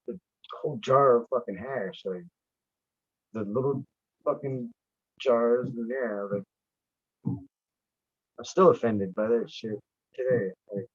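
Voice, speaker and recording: A man's voice: on the low side, breathy edge, no room sound. Profane rambling man, dull dry sound. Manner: profane, rambling, emphatic storytelling. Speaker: podcast guest. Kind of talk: casual chat.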